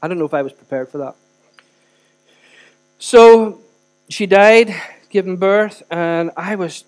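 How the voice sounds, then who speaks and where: High-voiced preacher. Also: male voice, moderate pace, pauses often. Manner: earnest, emphatic, swings between loud and soft. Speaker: pastor. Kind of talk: sermon.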